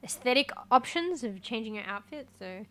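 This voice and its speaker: A woman streams a game in loose, casual chat. Her voice sits somewhat high, and she is easily excited and swears without thinking. She drops into quiet muttering and then bursts out loud. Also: normal speed. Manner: jumps between quiet muttering and loud outbursts. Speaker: live streamer.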